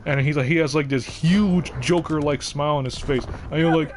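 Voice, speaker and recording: A man's voice: a little high, normal speed, background noise. A young man streaming live, chatting casually in a rambling way with lots of fillers and restarts. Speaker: game streamer.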